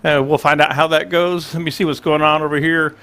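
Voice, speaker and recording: A man in his sixties chats loosely on a livestream from his small home studio, and his voice sits a little high for a man. He rambles through stories and plays out both sides of the conversation himself. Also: little pitch movement, a little fast, fairly bright tone, clear, resonant tone. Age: 60s. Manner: rambling storyteller, acts out both sides of dialogue. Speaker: livestream host. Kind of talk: casual livestream chat.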